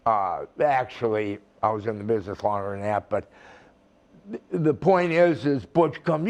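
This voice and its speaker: A man's voice: mid-range voice, normal speed, darkish tone. An older man, a retired wrestler, telling a rambling, profane story in a casual interview. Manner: rambling, profane, acts out the people in his stories.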